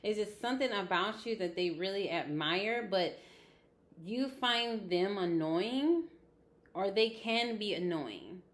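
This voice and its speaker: A woman's voice: mid-range voice, animated, slow pace. A woman giving a casual tarot reading, chatty and blunt, with frequent laughs and swearing. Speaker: tarot reader.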